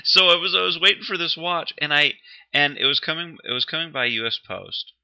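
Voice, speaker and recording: A man's voice: fairly high pitch, lively intonation, a little fast. A man co-hosting a casual chat show, telling a story, laughing often and getting defensive when teased. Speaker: podcast co-host. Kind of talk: casual banter. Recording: dull lo-fi sound.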